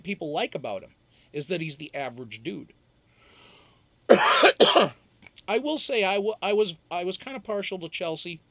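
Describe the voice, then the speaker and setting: On a live stream, a man casually reads out viewer comments and responds, rambling, swearing, and restarting often. His voice sits on the high side and has a fairly bright tone.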